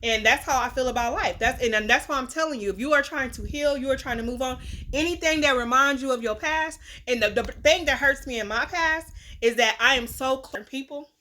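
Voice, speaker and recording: A young woman, venting bluntly and with profanity in a candid vlog, her voice swinging from loud to a low mutter, with a cough now and then. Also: fairly quick. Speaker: vlogger, self-styled life coach. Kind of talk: candid talking-to-camera vlog.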